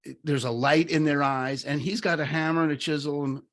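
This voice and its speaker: Animated man in casual podcast chat. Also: fairly high pitch, brisk. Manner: animated, lots of fillers and restarts, acts out quoted voices. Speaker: podcast co-host. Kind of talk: casual conversation with storytelling.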